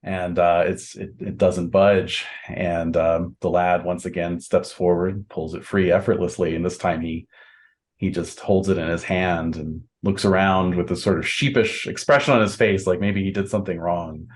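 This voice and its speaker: Deep-voiced man narrating as game master. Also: fairly even intonation. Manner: descriptive, halting with fillers, acts out voices.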